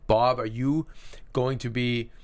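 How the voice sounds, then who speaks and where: A middle-aged man co-hosting a casual TV recap show, talking in an animated, rambling way and acting out quotes from the episode. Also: mid-range voice, slow pace, no echo. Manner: animated, rambling, with frequent restarts and acted-out quotes. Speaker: co-host.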